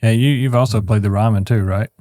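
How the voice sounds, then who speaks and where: A man's voice: on the low side, steady tone, fast, mellow. A man hosting a casual podcast interview, chiming in with brief affirmations and friendly questions. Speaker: podcast host.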